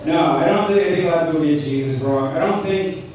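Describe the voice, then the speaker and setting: A man's voice: on the high side, quick pace, a little mellow. Rambling stand-up comic man, echoey room. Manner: rambling, self-deprecating, many ums and restarts. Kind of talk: stand-up set at an open mic. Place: cafe open mic, indoors. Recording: very echoey room, distant mic, faint noise.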